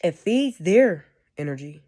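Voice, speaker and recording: A woman's voice: on the low side, big pitch swings, a little slow, dark tone. A woman giving a casual, rambling spiritual monologue, often checking in with "you know what I'm saying.". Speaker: spiritual speaker.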